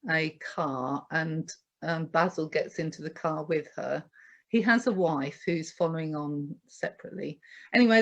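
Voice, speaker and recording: Reflective woman vicar, muffled audio. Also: lowish voice. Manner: reflective, hesitant, many ums and restarts. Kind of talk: chatty film recommendation with scripture reading.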